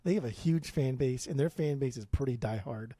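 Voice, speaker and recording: Male co-host, mellow dark tone, loose and profane delivery, dry close-miked. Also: medium pitch, brisk, breathy edge, dry recording. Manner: profane, rambling, animated opinions. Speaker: podcast co-host. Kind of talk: casual podcast chat.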